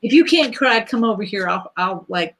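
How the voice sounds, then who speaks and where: A woman's voice: medium pitch, lively intonation, moderate pace, fairly bright tone. A woman hosting a casual spiritual livestream, pulling cards for viewers and swearing freely. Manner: blunt, swears freely, laughs easily. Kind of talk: casual livestream chat, card reading.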